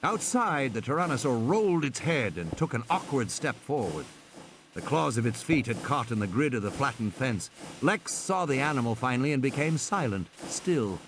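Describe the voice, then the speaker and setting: A male audiobook narrator reading tense scripted prose with dramatic emphasis. His middle-pitched voice rises and falls in wide, lively swings. A faint ambient hiss sits underneath. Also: normal speed.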